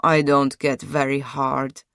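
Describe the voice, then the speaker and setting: A woman voicing a distrustful wealthy man in a true-crime audiobook, slow, flat and emphatic. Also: extremely low pitch, creaky, dry recording, studio quality, voice pushed down, heavily acted.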